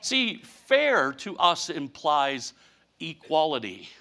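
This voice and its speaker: Slow-paced, with a fairly high pitch, this man in his fifties is a pastor giving a funny sermon. He uses folksy language and animated, mock-whining storytelling.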